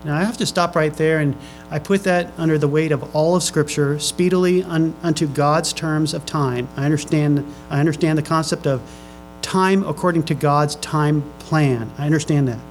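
A pastor with a fairly high voice preaches to his congregation, reading scripture slowly before pressing the room with questions. He often repeats and restarts his phrases, with faint music behind him on a rough recording.

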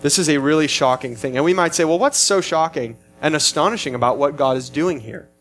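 A man's voice: a little high, a little fast, a little hiss or hum. A man preaching a sermon in an earnest, emphatic way, often restarting his phrases as he explains a passage. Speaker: pastor.

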